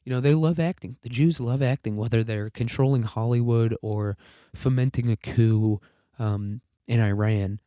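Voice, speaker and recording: A man's voice: medium pitch, moderate pace, mellow, smooth, no room sound, studio quality. A man hosting a casual political commentary monologue, sarcastic, profane and rambling, and a little congested with frequent coughing. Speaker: podcast host.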